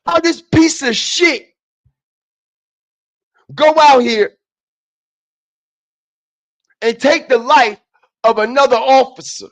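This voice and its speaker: A man streaming a heated, profane commentary who keeps repeating his points, shifting from low muttering to shouting. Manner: repetitive, emphatic, often repeats phrases; profane and confrontational.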